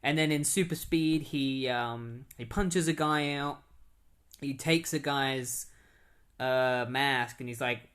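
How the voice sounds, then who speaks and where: A man's voice: medium pitch, fairly even intonation, fairly bright tone. Rambling man recapping a comic. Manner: rambling, many fillers, retells dialogue in quick asides. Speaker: podcast host. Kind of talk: casual comic book recap.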